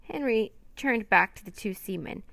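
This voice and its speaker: A woman's voice: mid-range voice, lively intonation, normal speed, gravelly, a bit bright, dry recording. A woman narrating a children's storybook aloud, voicing each character herself. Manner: reads every character in lightly raised voices.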